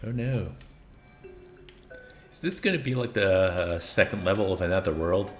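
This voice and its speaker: A man's voice: deep voice, moderate pace, echoey room, faint music behind. A man streaming a video game, casually chatting with viewers and laughing at himself. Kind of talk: casual gameplay commentary.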